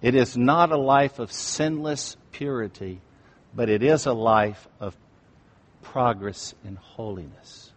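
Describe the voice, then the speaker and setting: A male pastor preaching a sermon, swinging from hushed asides to emphatic, rising appeals. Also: medium pitch, takes it slowly. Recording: reverberant hall.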